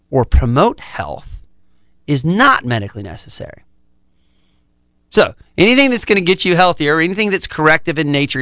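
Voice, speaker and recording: A man's voice: a little high, sharp tone, no room sound. A middle-aged man, a chiropractor, explaining his practice confidently in a podcast interview. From United States.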